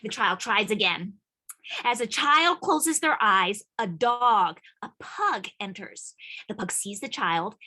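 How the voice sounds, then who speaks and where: A woman reading the stage directions of a play aloud in an expressive, playful way. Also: medium pitch, poor audio. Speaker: narrator and actor in a play reading.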